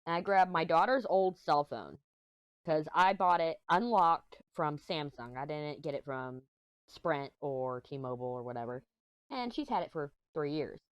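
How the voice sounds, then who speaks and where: A middle-aged woman who vlogs about diamond painting chats casually while crafting, telling a rambling story and giggling often. Her voice sits low and is expressive, smooth, and a little slow, on a dry recording.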